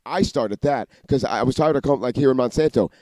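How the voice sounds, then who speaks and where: A man in a rambling monologue, talking fast and cursing a lot, often restarting and jumping between ideas. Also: mid-range voice, warm tone, dry recording. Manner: rapid, profane, restarts and jumps between ideas. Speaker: vlogger.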